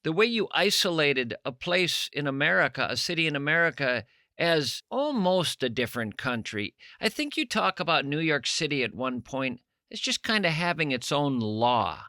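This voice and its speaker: A man's voice: on the high side, sing-song, normal speed, sharp tone, dry recording, studio quality. A man hosting a radio talk show, musing thoughtfully in long, winding sentences as he interviews a guest. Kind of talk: conversational interview.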